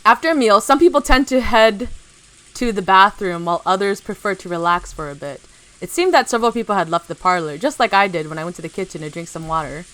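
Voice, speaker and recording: A woman's voice: medium pitch, fast, fairly bright tone. Giggly woman streamer reading aloud. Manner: giggly, self-correcting, chatty asides.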